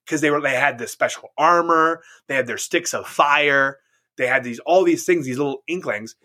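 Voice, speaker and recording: A man's voice: mid-range voice, moderate pace, bright, forceful tone. A man co-hosting a casual chat, rambling and profane, restarting his sentences often while telling anecdotes.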